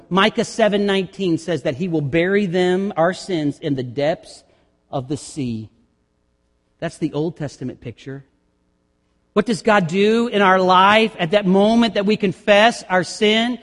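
A male pastor preaching a sermon, reading scripture slowly and building to loud, impassioned climaxes. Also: high-pitched. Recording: long reverb of a sanctuary.

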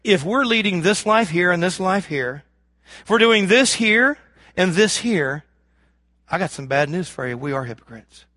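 A man preaching a sermon as pastor, swinging from loud emphasis to hushed lows and acting out imagined prayers. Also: lively intonation, normal speed, no echo, studio quality. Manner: acts out imagined prayers and voices of the congregation.

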